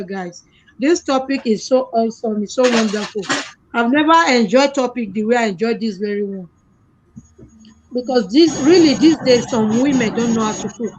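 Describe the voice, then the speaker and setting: Woman hosting a live stream. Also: a little high. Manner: reads out viewer comments and thanks callers. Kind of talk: casual live-stream chat. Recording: dull lo-fi stream audio with faint noise.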